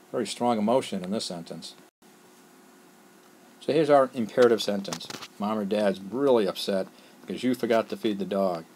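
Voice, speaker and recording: A patient teacher whose low voice moves through the explanation one step at a time. He keeps checking that his students follow along. A faint hiss of noise sits under the recording. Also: poor audio. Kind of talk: classroom lesson screencast.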